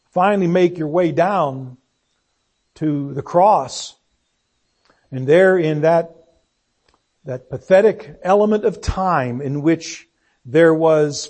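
Slow, earnest high-voiced preacher man. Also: darkish tone. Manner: slow, earnest, rhetorical questions, voice dropping low on solemn phrases. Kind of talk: sermon.

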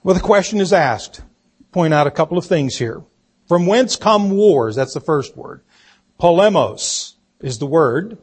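A man preaching a sermon, telling a story slowly and deliberately and acting out the quoted voices. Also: on the high side, animated, slightly rough. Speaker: pastor.

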